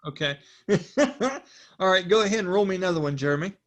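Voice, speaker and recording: A game master narrating a tabletop role-playing session in a relaxed, conversational way, asking players for rolls. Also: medium pitch, fast talker.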